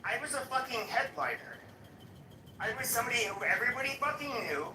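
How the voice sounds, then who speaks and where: A man airing a grievance in a live chat room, stumbling over restarts while staying dismissive. His voice is distant and roomy, with steady noise behind it. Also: extremely high pitch, fast talker. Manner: hesitant, full of fillers and restarts, contemptuous. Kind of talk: casual heated rant. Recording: echoey, distant, noisy audio-room stream.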